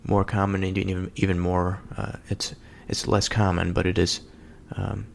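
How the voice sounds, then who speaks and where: Deep gravelly guy slowly thinking out loud about scripture, lots of pauses and uhs. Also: completely flat delivery, slight background noise. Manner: slow, halting, with many pauses and fillers. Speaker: solo speaker reflecting on scripture. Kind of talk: contemplative scripture reading and reflection.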